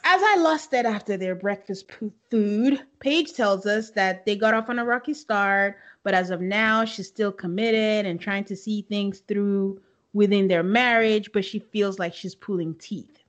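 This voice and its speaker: A young woman co-hosting a podcast, recapping a reality show in a casual, animated way and acting out quotes with laughs. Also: mid-range voice, a little slow. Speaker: podcast co-host.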